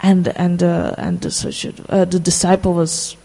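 A speaker casually telling a devotional story, halting often and slowing down for emphasis. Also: mid-range voice, very animated, mellow, big-room sound, rough recording. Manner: halting, many fillers and restarts, slows for emphasis.

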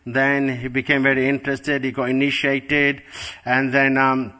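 A man's voice: mid-range voice, completely flat delivery, normal speed, sharp tone. A middle-aged man giving a devotional class, telling a story in an earnest way and repeating words for emphasis. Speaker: spiritual teacher.

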